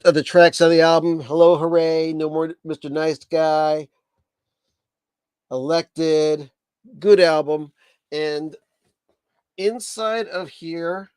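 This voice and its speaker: Male livestream host, somewhat high voice, dry close sound, rambling and enthusiastic. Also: darkish tone, clear, resonant tone, dry recording. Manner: chatty and enthusiastic, rambling with restarts. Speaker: livestream host, record collector. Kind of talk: casual livestream chat.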